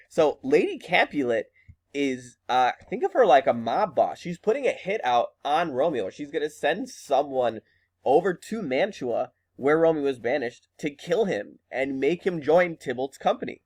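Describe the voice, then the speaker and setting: A man's voice: a little high, very animated, moderate pace, darkish tone. A man teaching a class, explaining a play in a casual, chatty way with fillers. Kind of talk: lesson reading and explaining a play.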